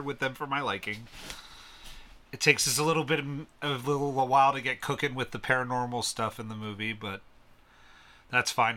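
Bright-voiced laughing podcast host. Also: male voice, mid-range voice. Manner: laughs often, animated, restarts sentences. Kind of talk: casual chat.

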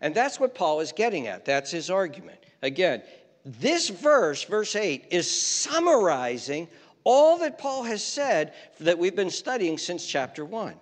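Lively, emphatic male preacher. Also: high-pitched, long reverb tail. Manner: emphatic, slows down hard on scripture quotes. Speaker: pastor. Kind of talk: sermon. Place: church.

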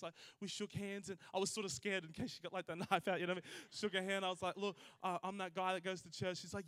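A young man preaches, telling stories with lively energy and acting out the people in them. His voice sits high and bright. The recording is close and dry, with no room sound. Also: fast, few pauses, no room sound. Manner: animated, laughing asides, acts out quoted voices. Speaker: pastor. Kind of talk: sermon with storytelling.

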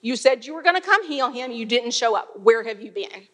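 A woman's voice: fairly high pitch, expressive, a little fast, pushed and bright. A woman acting out a grieving biblical woman who confronts Jesus with a heated accusation. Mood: accusing. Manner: heated, reproachful.

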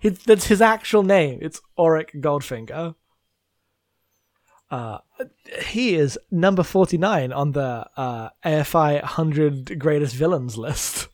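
Higher-voiced man in casual film chat. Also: lively intonation, takes it slowly, darkish tone, dry recording, clean studio sound. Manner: loose, swears freely, laughs often. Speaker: podcast co-host.

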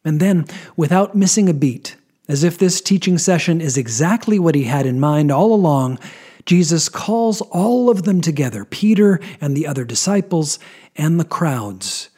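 A man giving a scripted Bible teaching, with dramatic pauses and emphatic drops in his voice. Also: fairly high pitch, lively intonation, warm tone, breathy edge.

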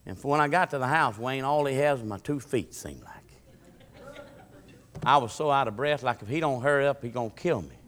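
A man's voice: mid-range voice, fairly quick. Man preaching in a reverberant hall. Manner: folksy storytelling with shouted preaching peaks. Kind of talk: sermon.

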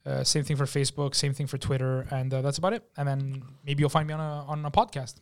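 A man, a guest on a podcast, telling animated profane stories and laughing with the host. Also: mid-range voice, fast talker, clean tone. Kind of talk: casual podcast chat.

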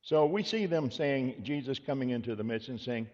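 A man preaching a sermon as pastor, earnest and measured, repeating key words for emphasis. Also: medium pitch, expressive, a little mellow. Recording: dull lo-fi sound with long hall reverb.

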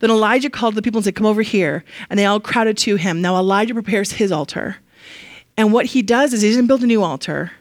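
A woman's voice: mid-range voice, fast, no echo. Woman, casual Bible teaching, chatty, laughs often, dry close sound.

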